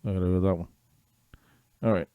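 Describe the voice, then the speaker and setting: A man's voice: deep voice, fairly even intonation, brisk, phone-quality sound, slight background noise. A man casually hosting a livestream trivia game, reading answers and making rambling offhand asides. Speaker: trivia host.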